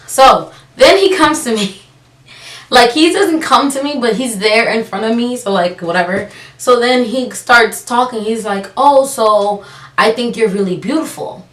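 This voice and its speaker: A young woman telling a personal story on her vlog, sarcastic and animated, acting out the people she quotes. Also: mid-range voice, moderate pace. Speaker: vlogger. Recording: roomy, from a distance.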